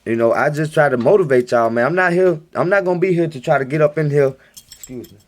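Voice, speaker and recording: Insistent rambling man, slightly high voice. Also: fast talker. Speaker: video blogger. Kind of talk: casual monologue to viewers. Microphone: home recording.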